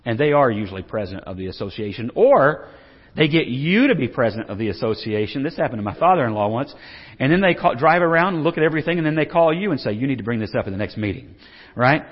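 A man's voice: mid-range voice, animated, quick pace. A middle-aged man preaching a humorous sermon, telling stories with jokes and frequent restarts. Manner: joking, storytelling, frequent restarts. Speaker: pastor. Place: church sanctuary. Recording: dull lo-fi recording with long hall reverb.

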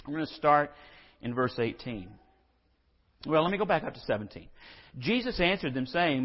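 A pastor preaching a sermon in a conversational way, asking rhetorical questions and acting out quotes. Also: male voice, fairly high pitch. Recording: dull audio in a hall with long reverb.

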